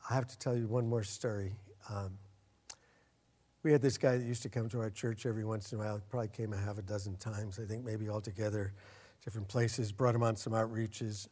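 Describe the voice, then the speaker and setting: A man's voice: fairly low pitch, flat delivery. Earnest male pastor preaching a sermon. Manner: earnest, swells louder and slows down for emphasis.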